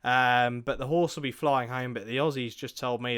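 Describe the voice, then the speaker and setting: Guy chatting racing picks, smooth clear voice, lots of ums and restarts. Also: medium pitch, moderate pace, fairly bright tone. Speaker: co-host of a racing tips show. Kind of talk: casual chat.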